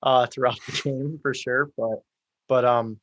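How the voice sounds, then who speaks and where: A young man as a podcast guest in casual chat, agreeable and steady, with many fillers. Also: mid-range voice, measured pace, muffled recording.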